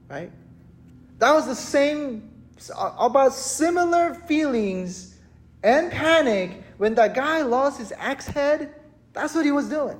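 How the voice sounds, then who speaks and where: A male pastor preaching a sermon in a church, telling a story with animated, acted-out panic. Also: extremely high pitch. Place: church hall.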